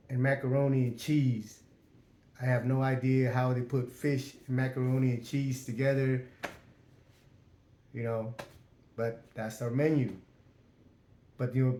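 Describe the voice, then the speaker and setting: A man in a middle-pitched voice tells a story casually, in streetwise, profane talk. He acts out the back-and-forth of quoted exchanges with his voice raised. The recording has a noticeable room echo. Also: darkish tone. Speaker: storyteller recounting prison life. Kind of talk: casual first-person storytelling. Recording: roomy echo.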